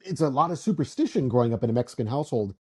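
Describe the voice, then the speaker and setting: A man who is a podcast guest, telling stories in a quick, earnest way. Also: medium pitch, lively intonation, a little mellow, slightly rough. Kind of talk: casual podcast chat.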